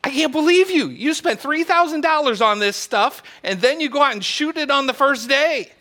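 A man voicing an exasperated wife who scolds her husband in a shrill voice. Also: lively intonation, normal speed, fairly bright tone. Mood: furious. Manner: shrill, railing.

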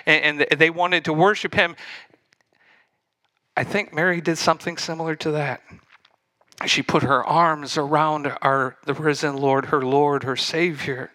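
Animated guy preaching a sermon, bright forceful voice, dry close sound. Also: fairly high pitch, no room sound. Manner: animated, speaks straight to the congregation. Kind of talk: sermon storytelling.

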